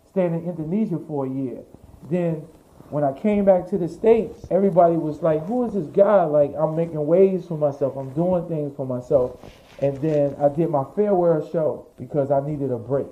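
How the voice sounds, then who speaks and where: A man being interviewed as a fashion designer, telling his story in a lively, profane way and acting out the voices of the people he quotes. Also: fairly high pitch, phone-quality sound.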